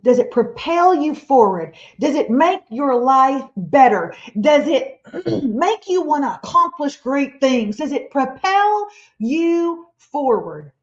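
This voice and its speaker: A woman delivers a motivational Christian talk, her fairly high voice animated and playful. She sounds like she is in her forties. The webinar audio is slightly dull and lo-fi. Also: takes it slowly. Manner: animated, playful, acts out imagined listeners and quotes. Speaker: webinar speaker.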